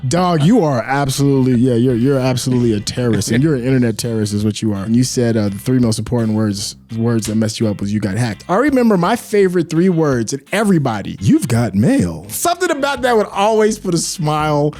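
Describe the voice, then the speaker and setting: A man's voice: mid-range voice, lively intonation, fast, few pauses, a little mellow, faint music behind. A man in his forties co-hosting a reaction show, rambling through nostalgic memories in casual chat. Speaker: reaction channel co-host.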